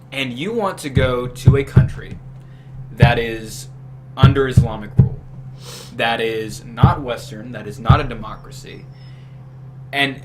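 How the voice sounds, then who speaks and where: A man's voice: medium pitch, a little hiss or hum, low-quality recording. A young adult man, a guest on a podcast, laying out his political views at length in an earnest, casual way. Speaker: podcast guest, new team member.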